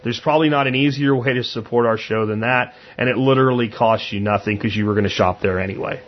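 A man's voice: medium pitch, fast talker, highs cut off. A man hosting a podcast, talking in a blunt, conversational way and acting out what he said. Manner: blunt, conversational, acts out his own quotes. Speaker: podcast host. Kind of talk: casual monologue.

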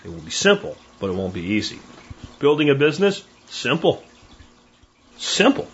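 With a husky, mid-range voice and a fast delivery, a middle-aged man hosts a podcast, telling stories in a casual monologue. He animates them by acting out the voices of those he quotes, all in a dull lo-fi recording.

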